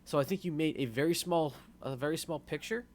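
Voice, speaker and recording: A man's voice: a little high, fairly quick. Man explaining casually to friends. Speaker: player. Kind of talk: casual chat.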